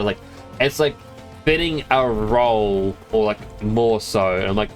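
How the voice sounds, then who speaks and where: A man's voice: lowish voice, steady tone, normal speed, soft background music. A man streaming a game, chatting casually in a rambling, self-amused way. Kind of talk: casual chat while gaming.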